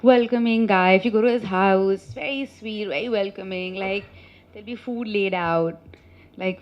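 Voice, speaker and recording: Actress woman, lively teasing storyteller, a bit high-pitched, dull lo-fi recording. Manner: animated storytelling, laughing and teasing. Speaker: film actress at a press meet. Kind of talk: chatty press meet answers. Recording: muffled lo-fi sound.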